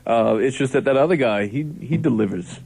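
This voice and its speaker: Rambling, joking college radio co-host. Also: male voice, medium pitch, lively intonation, fairly quick, gravelly, darkish tone, husky, no echo. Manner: rambling, joking, many fillers and restarts. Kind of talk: casual on-air banter. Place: campus radio studio.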